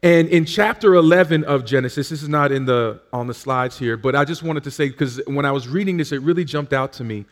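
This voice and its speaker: A man's voice: mid-range voice, a little fast, hardly any pauses. A man preaching in a church service, telling his own story in a conversational way with frequent fillers and restarts. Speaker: pastor. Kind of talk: sermon with personal testimony.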